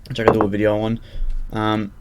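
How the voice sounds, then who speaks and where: A man's voice: lowish voice, monotone, a little fast, a crowd in the background. A young man talking casually through a music production tutorial, loose and rambling with lots of fillers and restarts. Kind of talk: casual screen-recorded tutorial. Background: loud synth music and keyboard typing.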